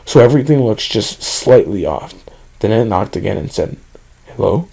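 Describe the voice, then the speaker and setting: A man reads a first-person horror story aloud at a steady pace. His voice sits low and has a gravelly, dark tone. He is the regular narrator of the channel. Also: normal speed, poor audio.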